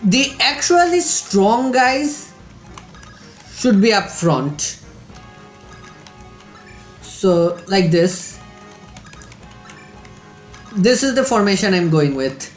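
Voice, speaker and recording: A man hosting a let's play, calmly thinking aloud while he plays a strategy game. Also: high-pitched, drawn-out words, pauses often, reverberant, soft background music. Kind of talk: game commentary.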